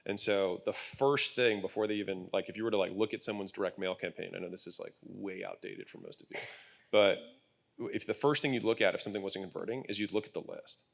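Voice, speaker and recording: A man with a slightly low voice explains his points bluntly on an event stage. He talks in a casual, emphatic way and swears now and then. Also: fast talker, gravelly. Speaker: guest speaker at a business event. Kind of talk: conversational panel talk. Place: event stage with live audience.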